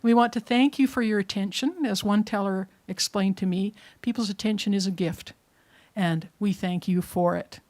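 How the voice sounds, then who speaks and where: A woman's voice: medium pitch, moderate pace, a little mellow. A woman hosting a live storytelling evening in a small performance space, giving folksy, gracious closing thanks. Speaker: event host.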